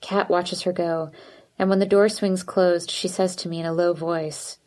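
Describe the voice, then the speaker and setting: A woman reading a first-person audiobook in an even, measured way. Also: fairly low pitch. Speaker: audiobook narrator.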